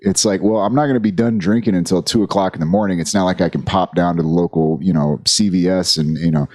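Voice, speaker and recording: A man's voice: low-pitched, fairly even intonation, fast, darkish tone, dry recording, clean studio sound. A man talking bluntly and laid-back in a casual podcast chat, swearing often.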